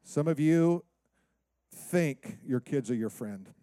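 A pastor preaching a sermon in an animated way, acting out the voices of the people he quotes. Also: fairly high pitch, slow pace, smooth, dry recording.

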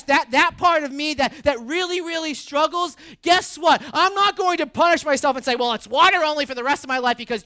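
A male pastor preaching a sermon, swinging from hushed, earnest stretches to loud, animated shouting. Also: very high-pitched, smooth, no echo, clean studio sound. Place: church sanctuary.

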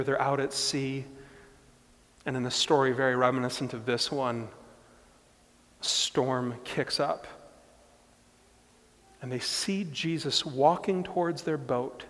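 A man preaching a sermon as a pastor, moving from quiet, reflective passages to loud, emphatic stretches. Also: mid-range voice, in a large hall.

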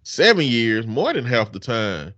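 A man's voice: medium pitch, big pitch swings, measured pace, fairly bright tone, dry recording, dull audio. A man co-hosting a casual podcast, telling stories in a joking, profane way. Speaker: podcast co-host.

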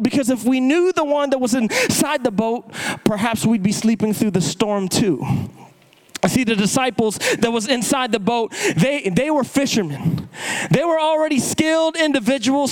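A man preaching a sermon, impassioned, repeating words and swinging his pitch up and down for emphasis. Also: clear, resonant tone, rough recording.

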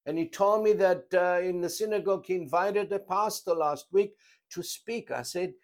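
A pastor delivers a sermon in a notably high voice. He leans on emphatic, repeated phrases and slips into lively, personal storytelling to make his points. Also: moderate pace. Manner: emphatic, repetitive preaching cadence with lively storytelling.

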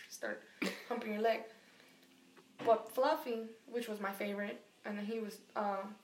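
A woman telling a story in casual chat, animated and profane, acting out the voices of the people in it. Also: on the high side, reverberant, noisy background. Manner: animated, profane, acts out quotes.

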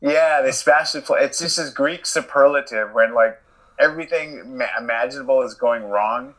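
A man's voice: medium pitch, moderate pace, fairly bright tone, poor audio. A man being interviewed as a guest, chatting casually, laughing often and joking about himself. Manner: laughs often, self-deprecating. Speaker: guest, endurance athlete.

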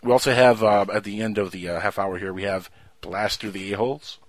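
Man, radio host, fast talker, joking, dry close sound. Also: lowish voice, fairly even intonation, no echo. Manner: joking, loose and chatty. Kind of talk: casual radio chat.

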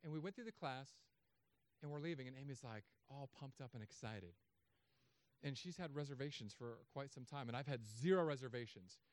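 Preaching briskly with no echo, a man in his thirties serves as pastor, delivering his sermon through animated stories punctuated by sudden loud, high outbursts.

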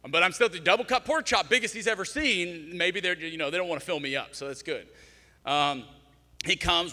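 Pastor guy telling a funny story, bright voice, big echoey church. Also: on the high side, a little fast. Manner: animated, comic storyteller. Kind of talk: storytelling sermon. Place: large church hall.

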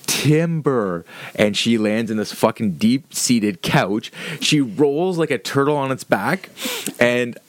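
Speaking at a measured pace in a medium pitch, a man rambles through a casual story, full of profanity and fillers like "like" and "um." The recording has no room sound.

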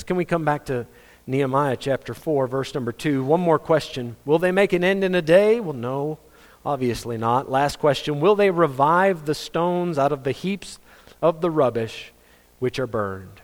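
A man's voice: a little high, lively intonation, moderate pace. A man preaching a sermon as pastor, conversational and joking, acting out the voices he quotes. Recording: long reverb of a hall.

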